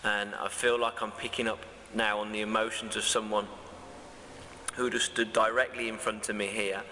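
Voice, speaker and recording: A man speaking as a medium on a ghost hunt, halting and fervent, with many restarts. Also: fairly low pitch, little pitch movement, bright, forceful tone, long reverb tail, a little hiss or hum, rough recording. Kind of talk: emotional first-person reflection.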